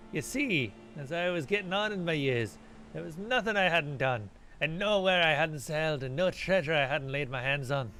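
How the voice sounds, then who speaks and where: A man's voice: a little high, fairly bright tone. A man voicing a grim, boastful old male pirate ghost, reading game dialogue aloud in salty pirate talk.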